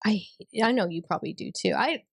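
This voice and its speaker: A woman's voice: mid-range voice, lively intonation, fast talker, gravelly, breathy edge, no echo, clean studio sound. A woman, hosting a casual chat in a bubbly, giggly way. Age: 30s. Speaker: podcast host.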